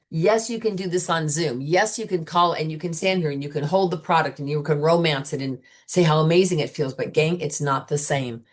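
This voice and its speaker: A chatty, enthusiastic woman with a low voice talks sales consultants through a booking idea. She is middle-aged and relaxed, and she slips into quick acted-out customer chats. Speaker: sales trainer for beauty consultants. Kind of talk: casual coaching talk.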